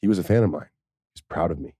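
In a very fast, low-pitched, mellow voice with a breathy edge, a man who once played pro football rambles through a casual story. He swears freely and laughs a lot, captured in a dry, clean studio recording.

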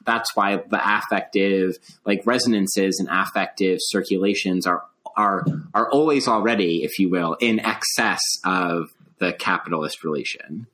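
A man's voice: deep voice, normal speed, a bit bright. A man co-hosting an academic podcast, thinking aloud with many restarts and a habit of asking "right?". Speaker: podcast co-host. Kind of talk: casual academic discussion.

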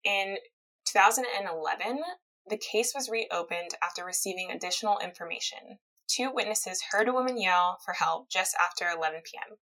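A woman's voice: mid-range voice, brisk, bright, forceful tone, rough recording. A woman hosting a casual podcast, recounting a true-crime case, reading quotes aloud and laughing easily. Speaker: podcast host telling a true-crime story. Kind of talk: casual storytelling chat.

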